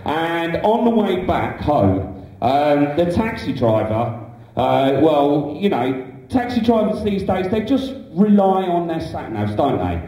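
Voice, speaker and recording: A man's voice: fairly high pitch, sing-song, slow pace, dark tone. A young man doing a stand-up comedy set, chatty and rambling with many fillers. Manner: chatty, rambling, full of "you know" fillers. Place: small indoor comedy club stage. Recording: echoey club from a distant camera.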